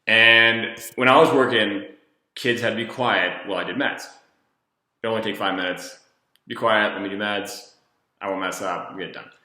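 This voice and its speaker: A man, a former treatment counselor, telling a personal story in a casual, rambling, animated way. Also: medium pitch, reverberant.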